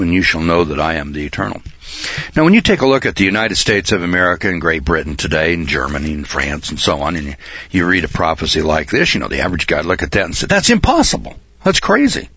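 Guy with a really low voice preaching on prophecy, clears his throat a lot, dull lo-fi sound. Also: fairly bright tone, dry recording. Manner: reads scripture aloud then explains it. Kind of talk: sermon-style Bible teaching. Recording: dull, lo-fi dry recording.

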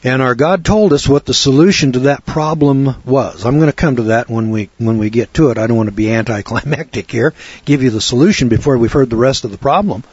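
A man preaching a sermon, sarcastic and fiery, dropping to low asides and rising to loud outbursts. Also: a little fast, slightly rough, dry recording. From United States. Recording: dry, dull lo-fi recording.

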